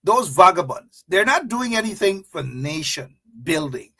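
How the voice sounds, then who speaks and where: A man's voice: sits high, big pitch swings, measured pace, pushed and bright. A man hosting political commentary, mocking and emphatic, repeating points for effect. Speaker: host.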